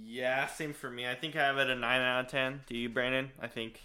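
Animated man retelling movie scenes. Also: mid-range voice, fairly quick, clear, resonant tone. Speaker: podcast co-host. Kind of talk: casual movie-review chat.

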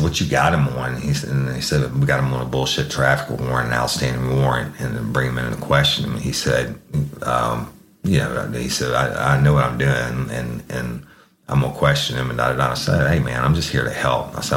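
A man's voice: rumbling low, fairly bright tone, echoey room. A man telling a true-crime story in casual, profane, folksy talk, often calling his listeners y'all. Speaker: podcast host telling a case story.

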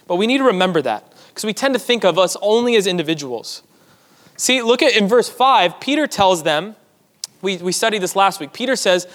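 A man's voice: sits high, fairly bright tone. A man preaching a sermon to his church, teaching in a conversational way with asides to the congregation. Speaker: pastor. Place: church sanctuary. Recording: long hall reverb.

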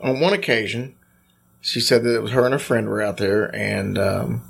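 A man casually telling ghost stories to his co-host on a podcast, animated and teasing. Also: fairly low pitch, normal speed, gravelly, breathy edge. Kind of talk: casual storytelling chat.

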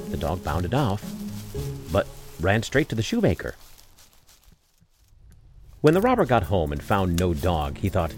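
A man narrating a fairy tale in an expressive storytelling style, with wry asides. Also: fairly low pitch, normal speed, soft background music.

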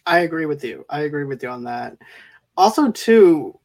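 A woman's voice: low-pitched, big pitch swings, normal speed, a little mellow. Conversational woman recapping movie scenes. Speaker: podcast co-host. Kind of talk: casual chat about a movie.

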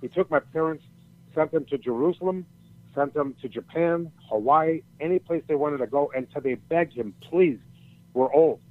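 A storyteller guest, an older man with a voice on the high side, tells a long, rambling story at a moderate pace in casual chat. He swears freely and keeps restarting sentences. The sound is tinny and phone-like.

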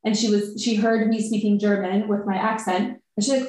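A woman chatting casually on a podcast, telling an animated story and acting out her own inner thoughts. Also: mid-range voice, fairly quick, hardly any pauses, very echoey, low-quality recording. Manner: animated storytelling, quotes herself.

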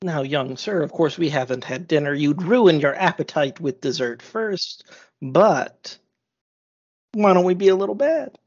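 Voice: medium pitch, animated, unhurried, darkish tone. A game master voicing a fussy, genteel old ghost baker lady with prim, old-fashioned manners, in a tabletop game. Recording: slightly dull lo-fi audio.

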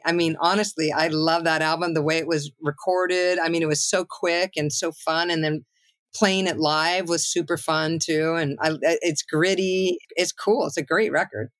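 A woman's voice: low-pitched, steady tone, normal speed, dry recording. A middle-aged woman songwriter talking as a guest in a loose, rambling way, full of "you know" and "like". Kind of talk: casual interview chat.

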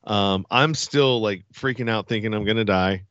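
A man telling a funny story as a podcast guest, animated and laughing as he talks. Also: on the low side, moderate pace, no echo, lo-fi sound. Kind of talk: casual storytelling.

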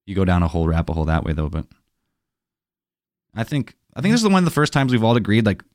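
A man co-hosting and editing a casual podcast, easygoing and quick to laugh. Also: on the low side, big pitch swings, no room sound, studio quality. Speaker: podcast co-host and editor.

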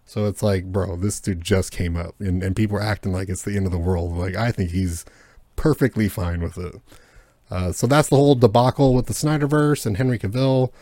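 A man with a lowish voice chats casually on a podcast, rambling through fillers and restarts and swearing freely. The sound is dry and close, with no room around him. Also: steady tone, brisk, warm tone, no room sound. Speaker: podcast co-host. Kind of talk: casual chat.

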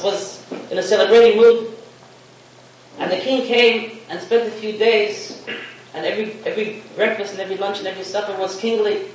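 A man giving a sermon, telling a parable in a storytelling manner and mixing in Hebrew and Yiddish terms. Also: high-pitched. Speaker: rabbi giving a talk. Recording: echoey room, distant mic, faint hiss.

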